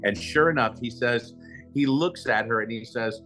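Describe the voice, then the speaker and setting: A man recounts a personal story as a guest in an interview, speaking at an ordinary mid pitch. He tells it animatedly, often repeating "he said" before he acts out the quotes. Faint music plays underneath. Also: moderate pace, sharp tone.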